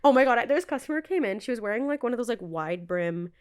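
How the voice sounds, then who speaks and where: Lively young woman telling stories. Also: a little high, fast, clean tone. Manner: animated storyteller, acts out quotes, laughs often. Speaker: podcast co-host. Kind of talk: casual chat.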